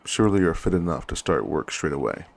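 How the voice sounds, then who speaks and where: A man's voice: low voice, lively intonation, fast, creaky, exaggerated voice. A man reading as a haughty German lieutenant. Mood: condescending. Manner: haughty, clipped commands. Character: condescending male German army lieutenant.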